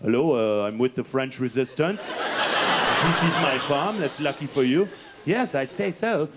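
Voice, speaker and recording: A man putting on a halting French farmer. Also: fairly high pitch, expressive, very noisy, lightly acted. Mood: hospitable. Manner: deliberately bad mock French accent, slow and halting. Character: middle-aged male French resistance farmer.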